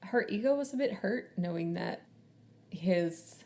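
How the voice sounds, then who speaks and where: A woman's voice: fairly low pitch, animated, measured pace, dark tone. A chatty young woman co-hosts a casual book podcast without her usual mic. She speaks in an agreeable way and keeps murmuring along while her friend talks. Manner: chatty, agreeable, frequent back-channel murmurs. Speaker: podcast co-host. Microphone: borrowed mic, sound a little different.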